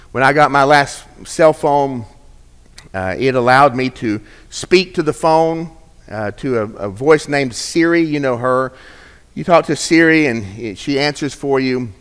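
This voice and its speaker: A male pastor preaching a sermon, swinging from hushed, slow phrases to emphatic, raised lines. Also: medium pitch, in a large hall.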